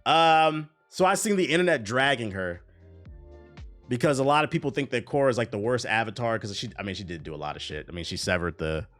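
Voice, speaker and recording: A man's voice: mid-range voice, brisk, fairly bright tone, soft background music. A young man in his twenties, a streamer, talking through gaming news in a casual, rambling and profane way. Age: 20s.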